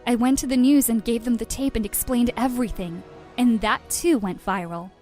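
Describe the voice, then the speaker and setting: A woman's voice: a little high, moderate pace, mellow, faint music behind. A woman narrating a first-person storytime in a dramatic, emotional way.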